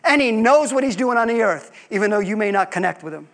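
A man's voice: high-pitched, expressive, fast, creaky, a bit bright. A man preaching a sermon as pastor, asking his congregation rhetorical questions and acting out quoted voices.

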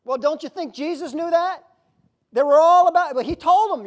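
A pastor preaching a sermon in a conversational, emotional way, with sudden loud outbursts. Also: male voice, very high voice, moderate pace.

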